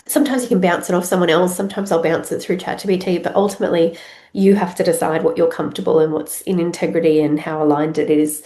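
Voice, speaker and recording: Congested Australian woman, low-pitched voice, rambling casual podcast chat, roomy echo. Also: a little mellow. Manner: rambling, many fillers and restarts. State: congested with a head cold. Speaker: podcast host.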